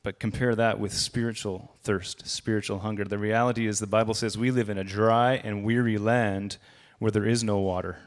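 A man's voice: lowish voice, little pitch movement, normal speed, few pauses. A man giving a sermon as a guest preacher, speaking conversationally and raising his voice for quoted lines.

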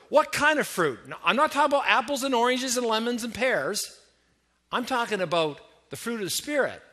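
Bright-voiced Canadian pastor preaching. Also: male voice, very high voice, fairly quick. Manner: lively, conversational, asks the congregation questions. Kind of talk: sermon.

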